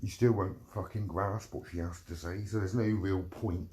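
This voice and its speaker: A man's voice: deep voice, steady tone, normal speed, hardly any pauses, dark tone. A middle-aged man delivering a heated, profane rant, repeating himself as he vents. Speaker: vlogger. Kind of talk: angry ranting monologue.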